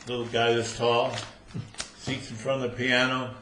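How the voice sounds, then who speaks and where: Brief: older male joke teller, bright voice, roomy room with faint noise. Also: medium pitch, little pitch movement, moderate pace. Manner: storytelling, laughing at own punchlines. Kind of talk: live joke telling. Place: room at a social club after bridge.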